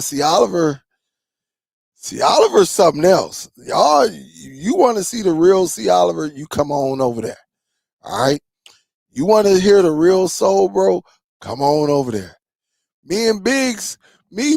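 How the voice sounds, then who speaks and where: A man with a somewhat raised pitch and a gravelly, fry-laden edge talks straight to his viewers in a loose, rambling livestream chat. He laughs often and drifts from story to story. The sound is dry and close. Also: darkish tone, no echo. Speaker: streaming tech channel host.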